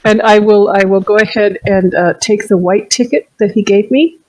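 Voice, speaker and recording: A woman playing a tabletop game, calmly describing her character's actions step by step. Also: mid-range voice, normal speed, rough recording. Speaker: player.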